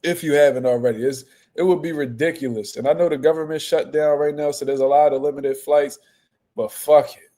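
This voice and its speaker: A young man hosting casual boxing reaction commentary, profane and animated. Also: a little high, fairly quick. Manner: profane, animated trash talk.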